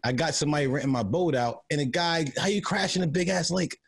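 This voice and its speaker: A man's voice: on the high side, fast, vocal fry, breathy edge. A man co-hosting a podcast in casual, profane chat, laughing often. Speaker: podcast co-host.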